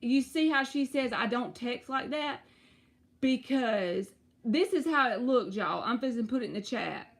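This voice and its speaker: A woman's voice: on the high side, normal speed, creaky. Chatty woman reading tarot live. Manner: chatty, animated storyteller who addresses viewers directly. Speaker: tarot reader.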